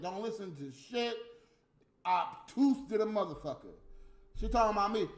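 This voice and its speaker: A man delivering a heated, profane, scolding rant on a livestream, with loud bursts. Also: high voice, lively intonation, moderate pace, pauses often. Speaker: livestream host. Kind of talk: unscripted ranting monologue. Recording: echoey room with faint music.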